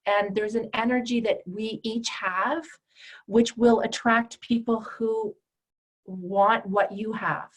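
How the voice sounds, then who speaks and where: A woman's voice: mid-range voice, steady tone, measured pace, poor audio. A woman coach teaching a group call, speaking directly and emphatically and acting out the voices she quotes. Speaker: empowerment coach and trainer.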